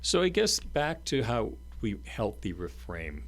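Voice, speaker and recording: Deep-voiced man explaining earnestly on a podcast. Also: sing-song, measured pace, fairly bright tone. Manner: explanatory, earnest, restarts phrases often. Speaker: podcast co-host. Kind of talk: casual conversational podcast.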